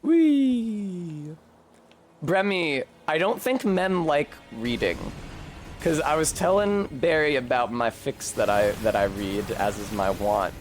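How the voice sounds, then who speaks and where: A man's voice: mid-range voice, expressive, measured pace. Guy rambling over his game stream, swears a lot, faint music behind. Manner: chatty, profane, laughs often. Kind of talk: casual gameplay commentary.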